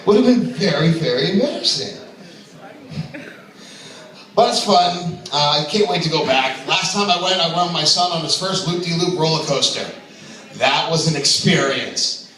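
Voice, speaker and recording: A man's voice: a little high, animated, moderate pace, pushed and bright. A man doing open mic stand-up, crude and brash, laughing at his own jokes. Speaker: stand-up comedian. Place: comedy club stage. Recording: echoey room from far off.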